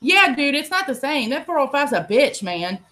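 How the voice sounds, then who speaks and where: A woman's voice: high voice, sing-song, moderate pace, sharp tone. A woman, telling stories in a casual, profane chat and laughing often. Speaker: host.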